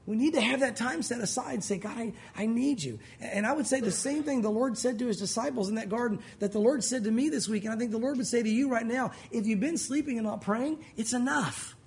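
A man preaching a sermon as pastor, animated and earnest, his voice rising and falling. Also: very high voice, fast talker, hardly any pauses.

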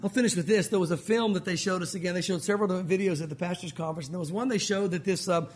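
A man's voice: high-pitched, racing. A male pastor preaching a sermon at a church service, urgent and emphatic.

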